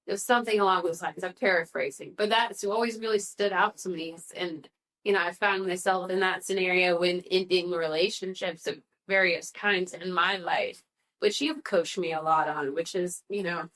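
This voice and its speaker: A woman's voice: fairly low pitch, steady tone, normal speed, fairly bright tone, rough recording. Firm, earnest woman co-hosting a podcast. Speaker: podcast co-host. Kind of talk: casual conversation.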